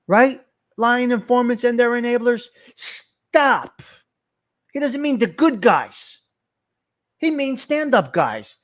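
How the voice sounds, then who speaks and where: A middle-aged man, hosting a live stream and ranting in a heated, profane way while calling out to his chat. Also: sits high. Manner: fired-up, profane, shouting out to chat.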